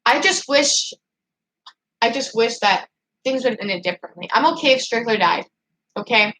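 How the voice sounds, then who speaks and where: A woman hosting a casual livestream, reading out chat comments and ranting in an excitable, frustrated way with lots of "like" and restarts. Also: on the high side, normal speed, poor audio. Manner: excitable and frustrated, heavy use of "like". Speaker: channel host reading live chat.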